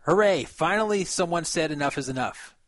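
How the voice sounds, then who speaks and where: A man's voice: a little high, lively intonation, a little fast, a bit bright, no echo. A man on a podcast who reads a written account aloud and comments on it in casual chat, with fillers and a few laughs.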